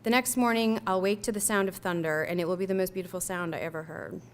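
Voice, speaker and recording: A young woman reading her own personal essay aloud, telling it in a measured, reflective way. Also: fairly low pitch, fairly even intonation. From United States.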